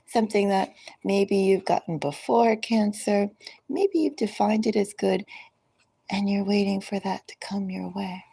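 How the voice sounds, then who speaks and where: A woman tarot reader talks straight to each zodiac sign, unhurried and musing. Her voice is low and mellow, with a gravelly edge and a husky grain. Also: low-quality recording. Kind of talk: collective tarot reading.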